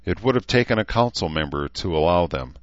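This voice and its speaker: A man's voice: deep voice, lively intonation, a little fast, no room sound. Male reader doing a worn out lady leader, earnest, a bit sighing, dull-ish audio. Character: tired woman leader, worried and earnest. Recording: slightly dull recording.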